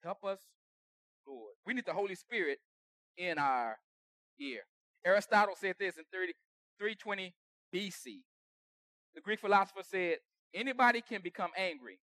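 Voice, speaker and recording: High-voiced pastor preaching with loud bursts. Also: male voice, expressive, normal speed, pauses often, no echo, studio quality. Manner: conversational preaching with sudden loud bursts and dropped asides. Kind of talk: sermon. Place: church sanctuary.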